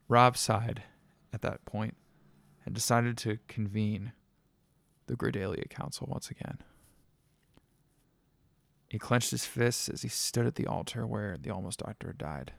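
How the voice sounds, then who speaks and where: Gravelly-voiced guy telling a spooky tale, dry close sound, dramatic. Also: lowish voice, a little slow, no echo. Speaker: storyteller. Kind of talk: spoken storytelling narration.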